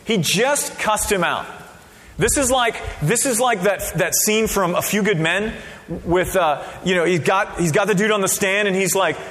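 A man preaching a sermon as a pastor, casual and conversational, with sudden loud bursts. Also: high voice, moderate pace. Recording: long reverb of a hall.

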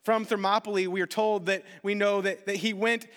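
A man preaching a sermon, telling a story with lively acted-out quotes. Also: high-pitched, fairly quick, long reverb tail. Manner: animated storytelling, acting out quotes. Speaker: pastor.

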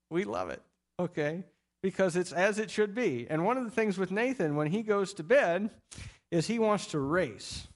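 Animated middle-aged male pastor preaching. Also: high voice. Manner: animated storytelling with playful acted quotes. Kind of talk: sermon.

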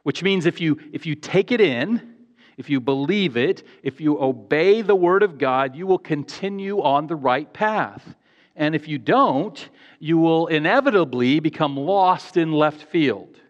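A man's voice: a little high, animated, unhurried. A man preaching a sermon in an earnest, emphatic way, repeating phrases for stress. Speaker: pastor. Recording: echoey hall, dull lo-fi sound.

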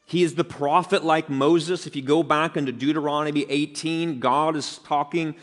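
A man's voice: a little high, fairly even intonation, normal speed. Man preaching in a reverberant hall. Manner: earnest, emphatic expository preaching. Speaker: pastor. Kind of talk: sermon. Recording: long reverb of a large hall.

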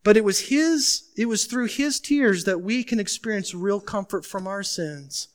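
This man's voice sits high, clear, and resonant as he preaches a little slowly as a pastor. His sermon is emphatic, with questions to the congregation and shifts from loud urgency to quiet pleading.

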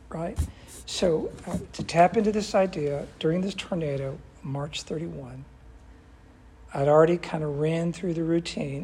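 A man's voice: fairly high pitch, moderate pace, darkish tone, slight background noise. An older man teaching a Bible study in an earnest, emphatic way, often asking his class questions.

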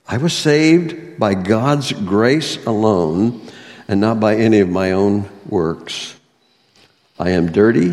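A man's voice: medium pitch, a little mellow. A male pastor delivers an earnest sermon, leaning into key phrases with rising emphasis. His mid-range voice rings out with a long reverb in a church sanctuary. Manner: earnest, reads aloud a testimony and scripture with swelling emphasis.

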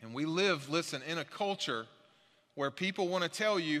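A man's voice: on the high side, moderate pace, pushed and bright, long reverb tail. A male pastor preaching a sermon in a church, earnest and emphatic, repeating his key points. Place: church sanctuary.

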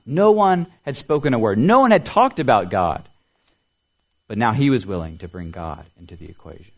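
A man's voice: medium pitch, sing-song, normal speed. Man preaching a sermon to families. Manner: explanatory, asks the children riddles. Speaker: pastor.

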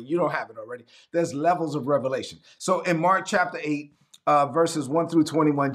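Lively, slightly high-voiced man preaching. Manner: animated, acts out Bible scenes in voices. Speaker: pastor. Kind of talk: sermon.

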